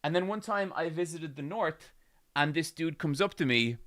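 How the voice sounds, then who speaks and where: A man's voice: fairly high pitch, lively intonation, moderate pace, fairly bright tone. An Irish man in his thirties telling a rambling story to his live-stream chat, swearing and getting worked up. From Ireland.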